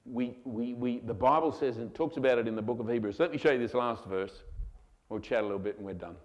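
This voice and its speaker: A male pastor preaching a sermon to his congregation, animated and given to acting out voices. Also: mid-range voice, fast, muffled recording. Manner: animated, acts out voices of God and children. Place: church hall.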